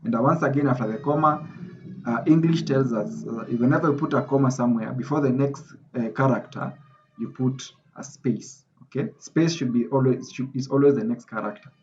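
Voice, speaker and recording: A man's voice: medium pitch, brisk, darkish tone, a little hiss or hum. Emphatic male teacher on a video call. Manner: emphatic, repeats points for stress. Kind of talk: online class lecture. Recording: slightly dull video call audio.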